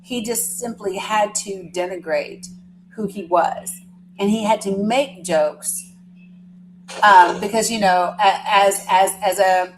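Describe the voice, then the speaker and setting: A woman's voice: medium pitch, a little hiss or hum, low-quality recording. A woman chatting casually on a live stream, rambling through a story and teasing her viewers.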